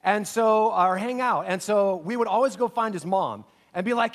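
Man, middle-aged, pastor, sermon, earnest, fairly high pitch. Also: normal speed. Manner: earnest storytelling, voice drops soft and low in emotional passages. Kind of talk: sermon with personal story.

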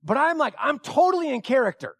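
A middle-aged man with a strikingly high voice tells a funny personal story to a live audience. He acts out his own excitement and now and then bursts into shouting. The sound is close and dry, with no room around it. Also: a little fast, gravelly, dry recording. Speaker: speaker addressing an audience.

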